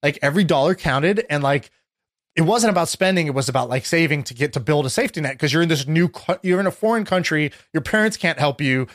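A man's voice: on the high side, fast talker, a bit bright. Rambling young man, filler-heavy chat. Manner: rambling, lots of "like" fillers and restarts. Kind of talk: casual conversational storytelling.

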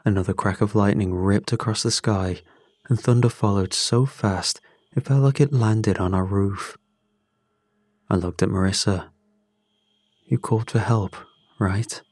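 Slow husky low-voiced male narrator. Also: darkish tone, no echo, studio quality. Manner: slow, measured. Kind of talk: first-person story narration.

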